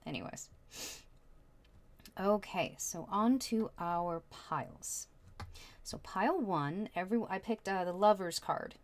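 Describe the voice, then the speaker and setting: A woman's voice: mid-range voice, darkish tone. A woman giving a casual tarot reading, chatty and prone to rambling. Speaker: tarot reader.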